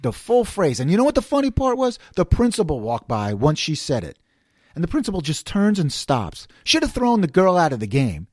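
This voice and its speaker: A man's voice: fairly high pitch, huge pitch swings, a little fast, no echo, studio quality. A man in his fifties from the New York City area with a New York accent, telling stories in a casual monologue, acting out quoted voices and laughing often. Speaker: podcast host.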